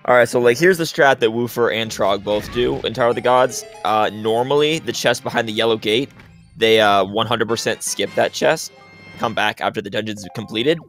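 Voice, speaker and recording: Opinionated male game commentator, low voice. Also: moderate pace, a bit bright, soft background music. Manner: explanatory, opinionated, frequent restarts. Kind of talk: live speedrun commentary.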